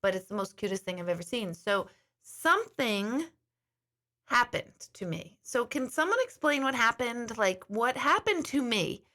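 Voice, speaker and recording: A woman's voice: a little high, sing-song, moderate pace, pushed and bright. A middle-aged woman host chatting casually to her viewers, telling a long rambling story. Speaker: intuitive host.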